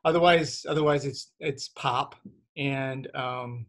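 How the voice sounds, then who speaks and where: A man's voice: mid-range voice, steady tone, slow, fairly bright tone. A man with a Midwestern accent co-hosting a casual podcast, speaking hesitantly, repeating words, with dry humor. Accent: Midwestern American. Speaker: podcast co-host. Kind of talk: casual chat over drinks.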